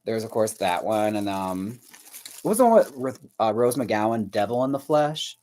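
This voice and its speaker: A man with a lowish, slightly mellow voice and big pitch swings talks at a normal speed as he hosts a doll-painting livestream. Chatting casually with viewers, he's profane and quick to laugh, and he rambles while searching his memory out loud.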